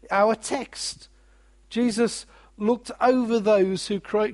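A man preaching a sermon, animated, with joking asides and quiet, weighty drops. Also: high voice.

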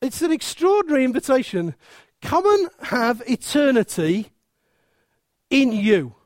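A preacher giving a lively, emphatic sermon with humour and many rhetorical questions to the congregation. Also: high voice, a little slow, no room sound, clean studio sound.

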